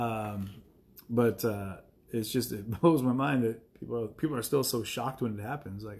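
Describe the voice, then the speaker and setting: A man's voice: mid-range voice, brisk, darkish tone. A man chatting casually to viewers on a live stream, rambling with many fillers and chuckling asides.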